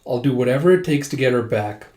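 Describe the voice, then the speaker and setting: Loyal young warrior, blunt, steady, read by a man, low and even, echoey room. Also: fast, natural voice. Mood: determined.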